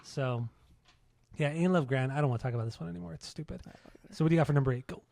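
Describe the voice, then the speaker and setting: A man's voice: a little high, racing, creaky, a little mellow, no room sound. Blunt, profane podcast co-host man. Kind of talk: casual chat about music.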